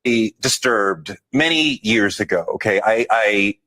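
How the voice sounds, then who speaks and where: A man's voice: fairly low pitch, measured pace, sharp tone. A man interviewed as a guest, telling a personal story in an earnest, hesitant way, with frequent restarts.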